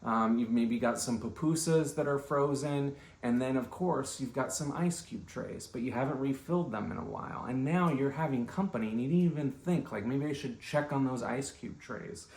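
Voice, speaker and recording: Male comedian, mid-pitched, meandering storyteller, reverberant room sound. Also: moderate pace, creaky, hardly any pauses, a little mellow. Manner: rambling, self-interrupting, conversational asides. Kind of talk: rambling comedic monologue.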